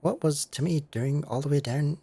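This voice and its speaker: Guy reading as a polite young game hero, earnest, bit gravelly. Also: fairly high pitch, moderate pace, mellow, slight background noise, pitched above the performer's own voice, natural voice.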